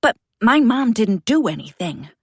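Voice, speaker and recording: A woman's voice: mid-range voice, normal speed, no echo, studio quality, natural voice. A woman voicing an upset young boy who protests in a raised, pleading voice. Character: upset young boy defending his mother.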